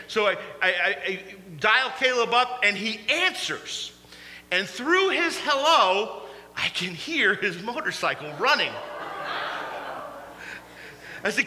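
A man preaching a storytelling sermon, animated and laughing through his stories. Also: high voice, measured pace. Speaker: pastor. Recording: echoey hall, faint hum.

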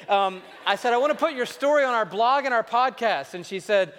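A man's voice: very high voice, a little fast, few pauses, some chatter behind. Man preaching in an echoey church hall. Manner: animated storytelling, reading a letter aloud. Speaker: pastor. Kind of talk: sermon. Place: large church auditorium.

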